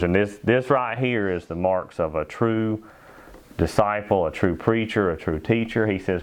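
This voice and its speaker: A man preaching a sermon as pastor in a church, emphatic, slowing down to stress key phrases. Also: lowish voice. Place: church sanctuary.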